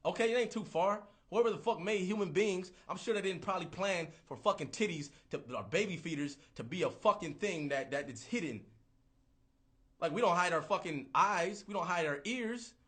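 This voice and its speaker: A man in his thirties ranting casually on a livestream, profane, rambling and animated. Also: sits high, normal speed. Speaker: livestream host.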